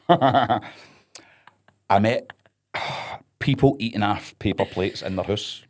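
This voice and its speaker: A man's voice: on the low side, slow pace. A Scottish man, a wrestler guest on a podcast, chatting casually and ranting with lots of swearing and comic exasperation. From Scotland. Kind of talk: casual chat.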